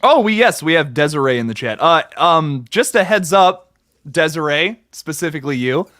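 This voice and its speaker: Hesitant male co-host, slightly higher voice, dry mic. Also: animated, normal speed, a bit bright, no room sound. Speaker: co-host of a live horror talk stream. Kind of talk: casual live-stream chat.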